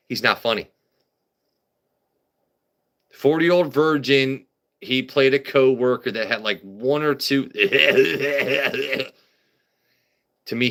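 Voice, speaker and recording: A man's voice: medium pitch, pushed and bright. A man hosting a casual comedy livestream, rambling and riffing with stammered restarts. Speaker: livestream host.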